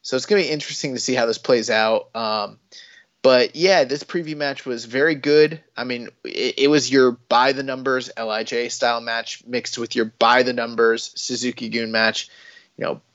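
A man's voice: mid-range voice, fairly even intonation, moderate pace, a bit bright, dry recording, dull audio. A man co-hosting a casual wrestling podcast, talking in rambling runs full of fillers and restarts. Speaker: podcast co-host.

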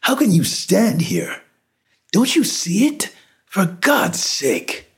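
A terrified shopkeeper cries out in a high, cracking shout, put on by a male narrator. The voice is husky and strained. It comes from a dark storybook reading. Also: lively intonation, measured pace, heavily acted. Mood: frantic.

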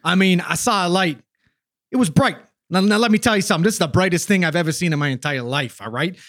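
A man's voice: high voice, quick pace, fairly bright tone, no room sound, studio quality. A man voicing a defensive, swearing, streetwise male witness with a South Jersey accent. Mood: excited. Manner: swearing, tough-guy slang, cagey.

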